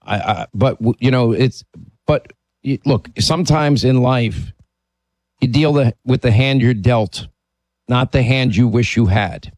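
A man's voice: medium pitch, measured pace, a little mellow, dry recording. A man hosting a call-in talk radio show, talking emphatically and opinionatedly, sometimes restarting his sentences.

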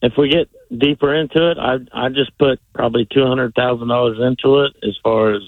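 A man's voice: mid-range voice, fairly even intonation, a little fast, no room sound. A man calling in to a radio show, speaking hesitantly with many fillers. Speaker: caller. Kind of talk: phone-in call. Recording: tinny phone line.

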